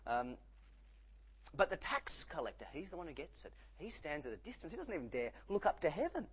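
Male preacher, husky, highly animated delivery. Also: fairly quick, poor audio. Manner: animated, acts out quoted voices. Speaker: pastor. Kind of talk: sermon.

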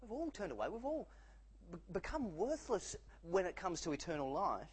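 A male pastor preaching a sermon, animated and acting out the voices he quotes. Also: high-pitched, moderate pace, husky, poor audio.

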